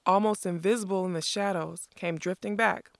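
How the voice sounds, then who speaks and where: A narrator reading a fantasy story aloud in a steady, measured way. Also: mid-range voice, gravelly, no room sound, clean studio sound. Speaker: audiobook narrator.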